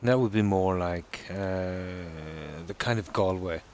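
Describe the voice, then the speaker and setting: A man with an Irish accent chats on a live stream, speaking in a deep, low voice. He talks slowly and easily, reading out viewer comments and answering them at length. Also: a little mellow, a little hiss or hum. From Ireland. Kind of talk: casual live-stream chat.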